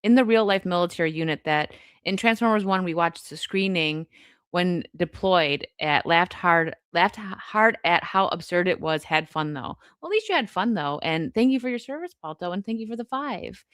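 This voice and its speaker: A young woman hosting a live stream, reading chat and chatting casually, laughing often with quick asides. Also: lowish voice, a bit bright, clear, resonant tone, dry recording, studio quality.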